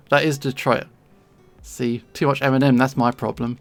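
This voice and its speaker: London-accented streamer, casual and self-deprecating, gravelly fry, soft music underneath. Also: mid-range voice, little pitch movement, normal speed, dry recording. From England. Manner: chatty, rambling, self-deprecating, laughs often. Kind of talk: casual chat while drawing. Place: home streaming setup.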